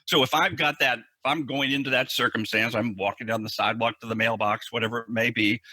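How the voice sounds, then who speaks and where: Bright, husky-voiced man explaining earnestly. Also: mid-range voice, fairly even intonation, fast, no room sound. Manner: earnest, emphatic, repeats words when restarting. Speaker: psychologist guest. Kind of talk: explanatory interview talk.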